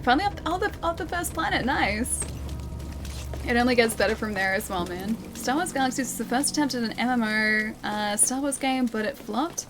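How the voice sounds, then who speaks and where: A young woman streaming a game and chatting with viewers, speaking clearly with a slight lisp from her retainers. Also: on the high side, lively intonation, fairly quick, background noise. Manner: clear, well-enunciated speech. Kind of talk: casual live-stream gameplay chat. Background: game music.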